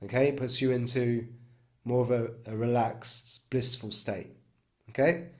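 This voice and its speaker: A man's voice: mid-range voice, unhurried. A man guides a breathwork and chanting practice in an easy, reassuring way. He demonstrates the tones himself between his explanations. He keeps checking in with his listeners as he goes. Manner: calm coaching with frequent "okay?" and "right?" check-ins. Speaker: breathwork coach.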